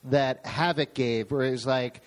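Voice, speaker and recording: A man's voice: medium pitch, normal speed. A man chatting casually about comic books, opinionated and jokey, rambling through plot summaries. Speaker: comic book podcast host. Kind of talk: casual chat reviewing comics.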